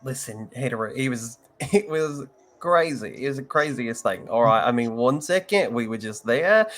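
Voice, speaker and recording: A man's voice: medium pitch, animated, normal speed, a bit bright, natural voice. A man playing Bashiab, a drunk and rattled rogue who rambles and swears as he explains himself.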